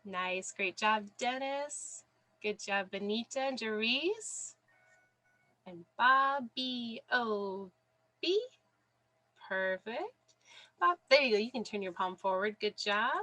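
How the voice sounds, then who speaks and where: Speaking slowly with long pauses, a woman with a slightly high, pushed, bright voice and lively intonation teaches an online class. She is a sign language teacher on a video call at home, dog under the desk, praising and encouraging students by name. The audio quality is poor.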